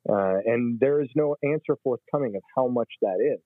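A man's voice: mid-range voice, moderate pace, no room sound. A man explaining scripture in a religious discussion, emphatic and teaching. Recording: tinny phone line.

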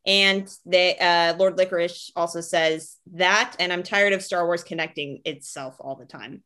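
A woman's voice: lowish voice, fairly even intonation, unhurried, bright, forceful tone, clear, resonant tone. Giggly young woman chatting on a podcast. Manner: giggly, gushing, reads viewer comments aloud. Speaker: podcast co-host. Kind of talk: casual chat.

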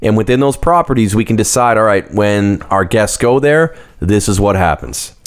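A man co-hosting a casual podcast, talking in a relaxed, rambling way with lots of fillers. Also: fairly low pitch, moderate pace. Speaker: podcast co-host.

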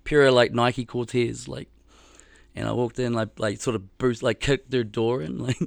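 A man's voice: mid-range voice, flat delivery, normal speed, vocal fry, dry recording. A middle-aged man telling a long story in casual chat on a podcast, rambling with lots of "like" and freely swearing. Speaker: podcast co-host.

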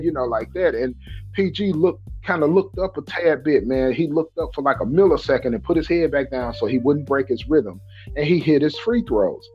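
Husky-voiced man telling a lively story. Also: on the high side, moderate pace, lo-fi sound, faint music behind. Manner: animated, acts out other people's lines in a raised voice. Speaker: podcast host. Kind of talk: casual storytelling.

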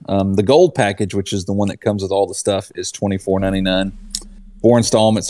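Deep-ish guy on a podcast panel, dry mic, kinda rambly, fixes his own words. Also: warm tone, no echo. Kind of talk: casual chat.

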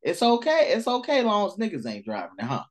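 Podcast co-host, mid pitch, lively intonation, sarcastic and blunt. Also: quick pace. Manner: blunt, sarcastic, laughs a lot, swears freely. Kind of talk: casual podcast chat.

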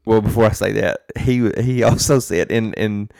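A man's voice: fairly low pitch, moderate pace, creaky, a little mellow, no echo, clean studio sound. A man co-hosting a casual chat, telling stories in a folksy way and acting out phone calls. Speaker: co-host.

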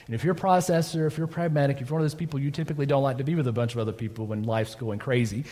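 A man's voice: medium pitch, fairly even intonation, rapid-fire, mellow. A man preaching a sermon, telling the story conversationally, acting out quotes and often asking "right?". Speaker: pastor. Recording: long reverb of a church hall.

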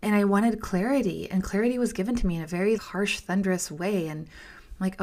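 This podcast host, a woman, tells a personal story in a fairly quick, medium-pitched voice with a darkish tone. She stays candid and emphatic, repeating words for stress, dropping to a whisper often, and calling listeners "you guys."

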